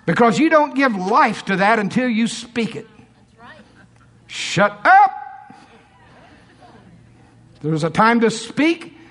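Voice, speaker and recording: A man preaching a storytelling sermon in a conversational, animated way, often asking the audience questions. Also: very high voice, moderate pace.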